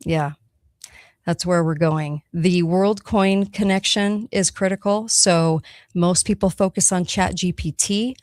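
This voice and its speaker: A woman's voice: fairly low pitch, fairly even intonation, unhurried, a little mellow, dry recording, clean studio sound. A woman hosting a radio talk show, speaking emphatically and checking in with her listeners as she goes. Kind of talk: solo talk radio monologue.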